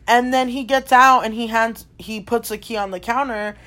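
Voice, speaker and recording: A woman's voice: a little high, fairly even intonation, moderate pace, fairly bright tone. A young adult woman, a store clerk, animatedly telling a story in casual chat, swearing and saying "dude" and "like" a lot.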